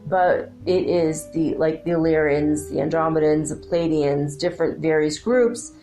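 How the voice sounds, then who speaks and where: A woman speaking as a collective alien council in a channeled message, slow, measured and formal. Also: sits low, warm tone, faint music behind. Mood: solemn.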